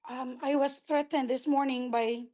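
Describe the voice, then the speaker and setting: A woman's voice: high voice, fairly even intonation, normal speed, mellow. A woman from California who is losing her voice asks worried questions over a video call. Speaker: caller with a question.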